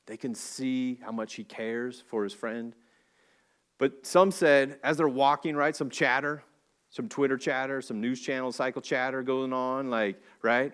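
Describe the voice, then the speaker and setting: A man preaching a sermon in a church, telling a story in a casual, animated way with slang and jokey asides. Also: mid-range voice, unhurried, clear, resonant tone. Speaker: pastor. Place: church sanctuary.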